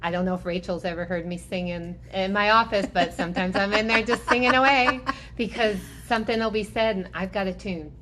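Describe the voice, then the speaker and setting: A middle-aged woman with a Southern US accent, a guest chatting in a lively way and laughing often. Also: mid-range voice, brisk, few pauses, background noise. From Mobile, Alabama. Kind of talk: casual interview chat.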